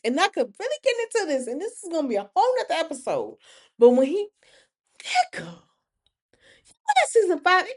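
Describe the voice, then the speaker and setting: A woman, hosting a casual TV recap talk and acting out characters' lines. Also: high voice. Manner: animated, acts out characters' lines. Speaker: podcast host.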